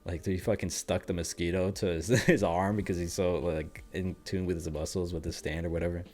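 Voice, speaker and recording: A man's voice: deep voice, steady tone, fairly quick, a little mellow, faint music behind. A man hosting a manga reaction, reading aloud and commenting in a loose, chatty way with frequent swearing and laughter. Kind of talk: casual reaction and read-aloud.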